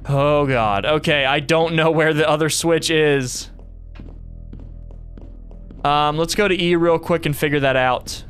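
A man streaming a horror game, thinking aloud to himself and reacting in a jumpy, excitable way. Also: fairly high pitch, a little slow, long pauses, smooth, faint music behind. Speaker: gaming streamer. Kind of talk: let's play commentary.

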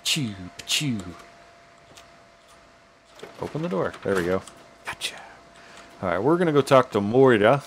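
A man casually commentating while playing a video game, jokey and thinking out loud. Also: mid-range voice, big pitch swings, unhurried, pauses often, noisy background. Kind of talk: let's play commentary.

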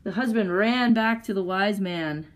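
At a library story time, a woman reads a picture book aloud to children, telling it expressively and adding chatty asides. Her voice is medium-pitched and unhurried. The audio quality is poor.

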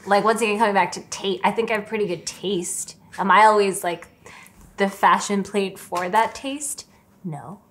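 A woman from upstate New York, the host's sister, chatting casually in a Q&A, self-mocking and quick to laugh. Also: mid-range voice, steady tone. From Saratoga Springs, New York. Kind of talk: casual Q&A chat.

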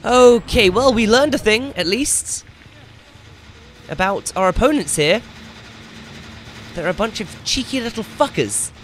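A young man commentating his own gameplay as he plays, excitable and swearing loudly whenever things go wrong. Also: sits high, a little slow, long pauses, a little hiss or hum. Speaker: gaming YouTuber.

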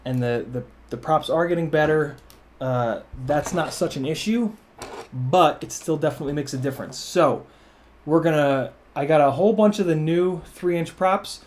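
A man's voice: on the high side, darkish tone, slight background noise. A man hosting a drone channel, reviewing gear casually at a workbench, rambling and correcting himself, with a bit of swearing. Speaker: FPV drone channel host.

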